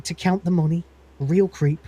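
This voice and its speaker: A man hosting a podcast while sick, casually retelling an episode in an animated way. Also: a little high, normal speed. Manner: animated, acts out scenes with lots of "he goes". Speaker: podcast host.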